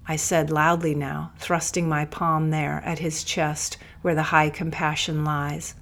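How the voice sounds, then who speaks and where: A woman's voice: sits low, steady tone, unhurried, hardly any pauses. A woman giving first-person audiobook narration with intense, emphatic storytelling.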